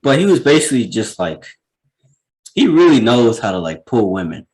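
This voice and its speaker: A man's voice: mid-range voice, normal speed, rough recording. A man co-hosting a casual movie chat, chiming in and laughing. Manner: lively, laughing, chimes in.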